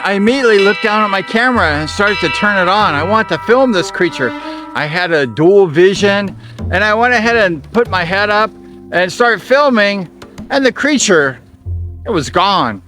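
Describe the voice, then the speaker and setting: Excitable high-voiced man vlogging outdoors. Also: moderate pace. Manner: excitable, animated storyteller. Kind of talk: outdoor vlog storytelling. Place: mountain jungle outdoors. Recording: music playing underneath.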